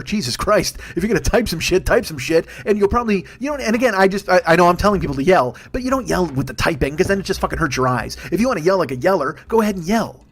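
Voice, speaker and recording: A man in his forties delivers a solo podcast rant at a rapid clip. His voice sits slightly high. He sounds exasperated and swears freely, dropping into sneering impressions of others. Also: expressive, breathy edge. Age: 40s. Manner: profane, exasperated ranting with mocking impressions. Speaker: podcast host.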